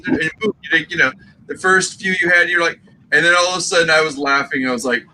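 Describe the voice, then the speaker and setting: A man hosting a casual reseller livestream chat, telling animated, rambling stories full of acted quotes. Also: a little high, quick pace, a little hiss or hum, poor audio. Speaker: livestream host.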